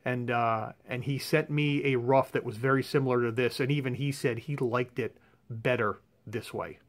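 A man's voice: mid-range voice, steady tone, moderate pace. A man talking casually in a home vlog about a piece from his collection, rambling with frequent fillers and restarts. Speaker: comic art collector. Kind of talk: casual show-and-tell vlog. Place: his own room at home.

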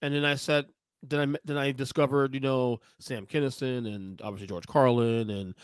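A man's voice: mid-range voice, steady tone, normal speed, clear, resonant tone, no room sound, studio quality. A man joining a casual podcast as a guest, teasing and laughing often.

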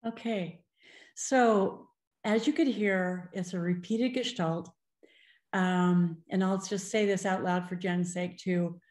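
Mellow-voiced middle-aged woman presenting. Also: lowish voice, fairly even intonation. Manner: measured, explanatory, frequent ums. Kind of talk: conference presentation. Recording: roomy echo.

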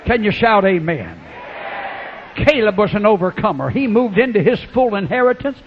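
A high-pitched preacher shouts his sermon in bursts, then drops to a hush. The recording is dull and lo-fi, with a faint hiss behind him. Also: very animated, normal speed. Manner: swings from loud hollering to hushed mimicry. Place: revival tent or church with congregation.

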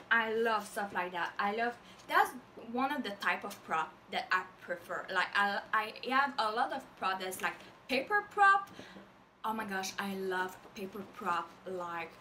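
A woman's voice: mid-range voice, lively intonation, a little slow, pushed and bright, distant mic, slight background noise, rough recording. A young woman with a French accent, a native French speaker, gushing through a casual unboxing vlog with lots of fillers. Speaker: vlogger.

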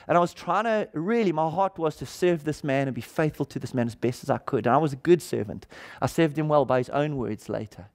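A pastor preaching a sermon, telling a personal story and acting out the dialogue in it with feeling. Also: male voice, on the high side, a little mellow.

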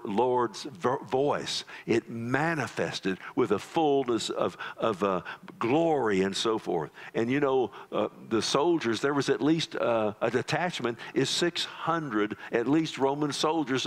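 A man preaches a sermon at a deliberate, unhurried pace. His voice sits low, and he lets it fall to a near-hush for emphasis. He talks straight to his listeners and calls them "loved one.". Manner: dramatic, drops to low hushed tones for emphasis. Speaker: pastor.

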